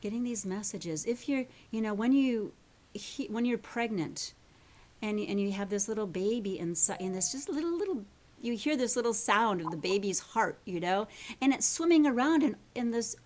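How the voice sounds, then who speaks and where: A woman's voice: fairly high pitch, lively intonation, moderate pace. A woman coaching a live workshop group, talking in a chatty, rambling way and often checking in with the listeners.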